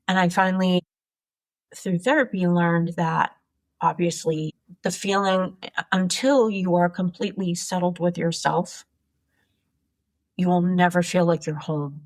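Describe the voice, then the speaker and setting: A woman's voice: on the low side, a little slow, long pauses. A woman in her sixties, an entrepreneur guest, telling her life story frankly and with animation in an interview. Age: 60s. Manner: frank, animated, swears casually.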